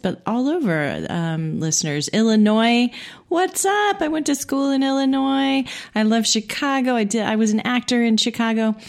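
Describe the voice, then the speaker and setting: A middle-aged woman from Indiana hosting a podcast, making casual, friendly, self-deprecating announcements. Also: medium pitch. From Indiana, USA. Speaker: podcast host.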